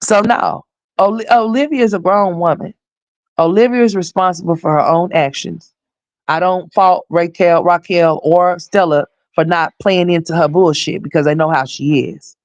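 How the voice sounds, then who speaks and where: A woman hosting a livestream, giving blunt, profane commentary and scolding directly, her voice hoarse. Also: lowish voice, steady tone, moderate pace, no room sound, highs cut off. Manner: blunt, scolding, profane, talks straight to viewers.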